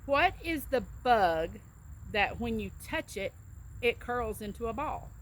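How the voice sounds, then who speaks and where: A woman's voice: fairly high pitch, animated, a little slow. A woman with a Southern US accent, chatting casually and telling stories with a laugh. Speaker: vlogger doing an accent tag. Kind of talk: casual chat.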